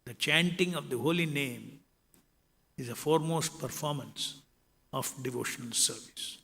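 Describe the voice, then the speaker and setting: A man giving a scripture lecture in a measured way, reciting Sanskrit verses between his explanations. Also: medium pitch, vocal fry, pushed and bright. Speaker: spiritual lecturer. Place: temple lecture hall. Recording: long reverb of a hall.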